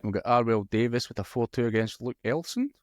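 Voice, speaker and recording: A man's voice: medium pitch, a little fast, no echo, clean studio sound. A man co-hosting a casual darts podcast, chatting loosely and reading out match results between chuckles. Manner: relaxed, chuckles often, reads out match results. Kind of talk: casual chat.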